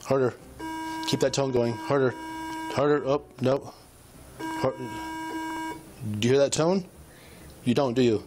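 A man's voice: mid-range voice, fairly even intonation, a little slow, long pauses, music in the background. A male police officer coaching a suspect through a breath test with short, repeated commands. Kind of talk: bodycam field recording.

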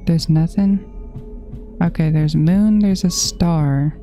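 A woman's voice: deep voice, slow, dark tone, soft background music. A woman giving horror game playthrough commentary, muttering to herself and nervously repeating herself. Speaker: gaming channel host.

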